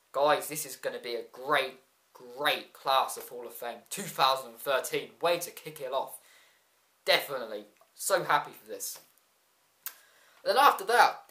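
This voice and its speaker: Excitable rambling reviewer in an echoey room. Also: mid-range voice. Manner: excitable, rambling, quick asides. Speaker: wrestling show reviewer. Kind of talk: casual video review.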